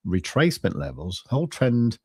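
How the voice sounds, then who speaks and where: A man chatting casually as co-host of a crypto trading stream, rambling and halting, with many restarts and fillers. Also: on the low side, sing-song, darkish tone, slightly rough, no echo, studio quality. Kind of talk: casual chat.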